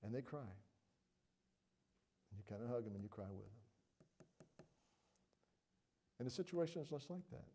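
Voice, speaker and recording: A man's voice: mid-range voice, animated, a little slow, pauses often, warm tone, breathy edge. A middle-aged man preaching a sermon as pastor, earnest and conversational, often checking in with "all right?" and "you know".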